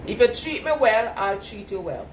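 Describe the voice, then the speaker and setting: A woman's voice: mid-range voice, very animated, moderate pace. A middle-aged woman with a Jamaican patois accent, chatting casually with live viewers and laughing often. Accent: Jamaican patois mix. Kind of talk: casual live-stream chat. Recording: echoey, distant mic with loud background noise.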